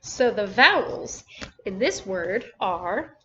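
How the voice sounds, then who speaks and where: Slow, bright-voiced woman teaching first graders. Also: mid-range voice, lively intonation. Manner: slow, sounds out words syllable by syllable. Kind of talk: recorded phonics lesson for young children. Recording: dull lo-fi recording with faint noise.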